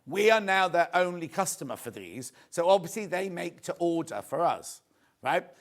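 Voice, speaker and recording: Man, shopping channel host, rambling self-mocking sales chat, fairly high voice. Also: lively intonation, normal speed.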